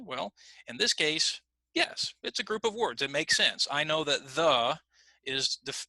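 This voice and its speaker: American man, ESL teacher, very bright voice, dry close sound, deliberate explaining. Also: fairly high pitch, dry recording, low-quality recording. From United States. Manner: slow deliberate emphasis on examples. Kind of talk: online lesson explanation.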